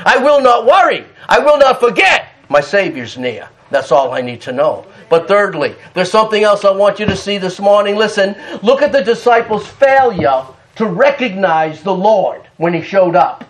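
Male pastor, sermon; emphatic, shouts often, very high voice. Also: animated, moderate pace, hardly any pauses. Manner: fervent, emphatic, breaks into shouts and laughter.

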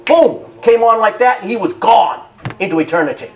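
A man's voice: sits high, fairly quick. A man preaching a sermon emphatically, repeating key phrases, calling out to the congregation for an "amen" and laughing between points.

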